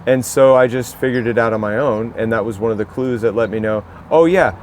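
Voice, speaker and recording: A man's voice: fairly low pitch, little pitch movement, quick pace, a little hiss or hum. An American man talking in a casual podcast conversation, telling stories in a rambling, reflective way. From United States. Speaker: podcast co-host.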